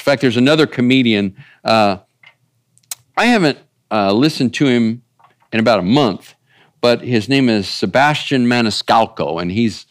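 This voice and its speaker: A man's voice: medium pitch, dry recording, clean studio sound. A man preaching a conversational sermon, folksy and rambling, often turning to ask the listeners if they follow. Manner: folksy, rambling, asks the audience. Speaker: pastor.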